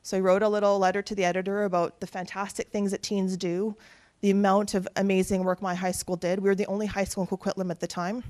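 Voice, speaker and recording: A woman's voice: medium pitch, quick pace. A woman, giving an earnest speech built on personal stories. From Canada. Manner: earnest, animated storytelling with quoted voices. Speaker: keynote speaker.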